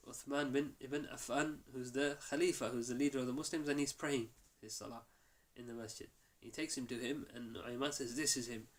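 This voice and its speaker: A man teaching a mosque class, telling the story in a lively way and acting out the quoted lines. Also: mid-range voice. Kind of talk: storytelling lesson.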